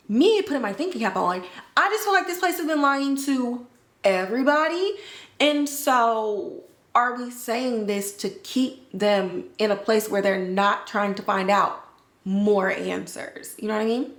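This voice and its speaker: A woman's voice: on the high side, lively intonation, a little slow, fairly bright tone. A woman hosting a podcast, recapping a TV episode in casual slangy chat and acting out the characters' lines. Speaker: podcast host. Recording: roomy echo.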